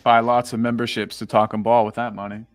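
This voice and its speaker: A man's voice: mid-range voice, little pitch movement, fast talker, faint music behind. A man co-hosting a casual live-stream podcast, easygoing with teasing banter. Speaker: podcast co-host.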